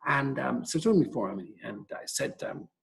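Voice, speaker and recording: A middle-aged man with a British accent, an epidemiologist giving a webinar talk and telling wry, lively anecdotes. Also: mid-range voice, a little fast, creaky, low-quality recording. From Britain. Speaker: professor, epidemiologist.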